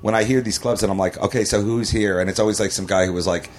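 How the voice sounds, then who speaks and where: A man with a low voice sits in on a podcast as a comedian guest. He rambles loosely, drifts off mid-sentence and picks the thread back up. Now and then he breaks into a laugh at his own tales. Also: steady tone, quick pace, slight background noise. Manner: rambling, trailing off, many fillers and restarts. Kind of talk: casual podcast chat.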